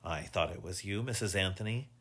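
A man voicing a polite, watchful police inspector in a read-aloud story, with a smooth, glib delivery. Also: deep voice, brisk, a bit bright.

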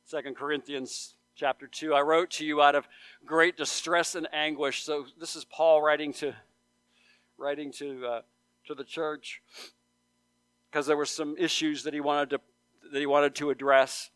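A male pastor delivers an earnest sermon, circling back on his phrases and building to loud pleas. His voice sits a bit high and sounds smooth and resonant. The recording is close and dry. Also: little pitch movement, moderate pace, no echo. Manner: earnest, repeats phrases for emphasis, rises to loud appeals. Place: church sanctuary.

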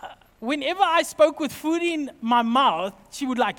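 High-voiced man preaching. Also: moderate pace. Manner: animated, acts out family quotes, jokey asides. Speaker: pastor. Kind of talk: sermon with personal storytelling. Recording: long reverb from a large hall.

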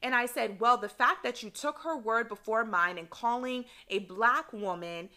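A woman in her thirties recounts a workplace story for her podcast, quick and animated, with an indignant edge. Her voice sits a little high and rings bright. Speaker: podcast host telling a story. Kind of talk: casual storytelling.

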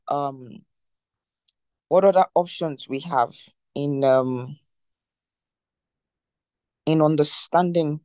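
A mellow, warm-toned teacher giving a devotional talk, dry and close to the mic. The delivery is emphatic, with key phrases said again and again. Rhetorical questions are put straight to the listeners. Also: medium pitch, no room sound.

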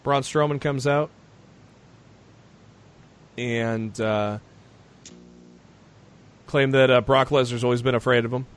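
A man recaps the week's news in a loose, casual podcast style, with a voice of ordinary middle pitch. He rambles, restarts sentences and leans on fillers as he goes. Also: fairly even intonation, slow pace, pauses often. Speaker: podcast co-host.

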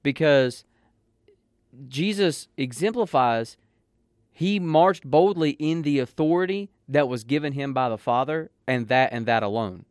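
A man co-hosting a devotional podcast, chiming in with agreement and steady commentary on scripture. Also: medium pitch, unhurried, no echo, studio quality. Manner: affirming, steady, adds short agreements. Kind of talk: conversational Bible discussion.

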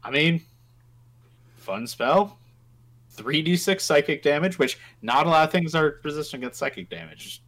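A man co-hosting a casual tabletop game podcast, relaxed and joking, with many fillers. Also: on the high side, normal speed. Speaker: podcast co-host. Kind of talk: casual chat about tabletop game spells.

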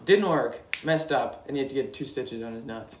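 A man's voice: medium pitch, moderate pace, a little hiss or hum. A young man co-hosting a casual podcast in a laid-back, teasing way. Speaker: podcast co-host. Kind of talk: casual chat. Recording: echoey room, mic at a distance.

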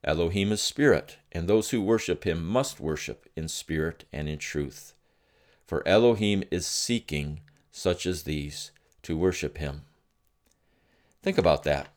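A middle-aged man giving devotional teaching, telling a personal story slowly and earnestly with reflective pauses. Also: low-pitched, lively intonation. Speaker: Christian teacher.

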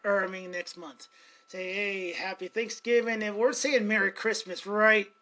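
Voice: medium pitch, fairly even intonation, unhurried, fairly bright tone. A podcast host chatting casually at home, rambling, laughing often and swearing now and then. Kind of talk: casual chat. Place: at home with cats.

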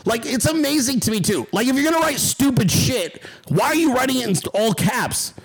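A man's voice: very high voice, expressive, brisk, husky, low-quality recording. A man hosting a livestream, ranting at his chat with heavy profanity and mocking sarcasm. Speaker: livestream host.

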